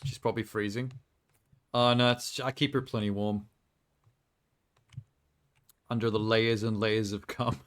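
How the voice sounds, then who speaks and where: A man's voice: lowish voice, flat delivery, unhurried, pauses often, fairly bright tone. Joking male streamer. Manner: rambling, joking, laughs often. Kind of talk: casual live-stream chat while playing a game.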